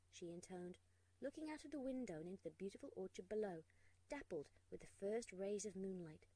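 A woman narrating a storybook aloud, expressive and hushed in tense moments. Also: mid-range voice, fairly quick, no room sound, rough recording.

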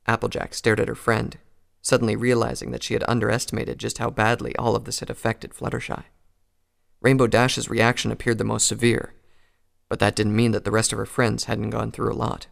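Gravelly man reading a story. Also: fairly low pitch, monotone, brisk. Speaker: narrator. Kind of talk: reading fan fiction aloud.

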